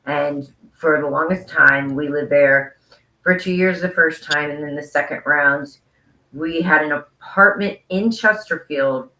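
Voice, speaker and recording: A talkative woman co-host with a bright, forward tone. She rambles easily through casual conversation and laughs a lot. Her voice carries a roomy echo. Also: low voice. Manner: chatty, laughs often, rambling. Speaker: podcast co-host. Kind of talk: casual interview chat.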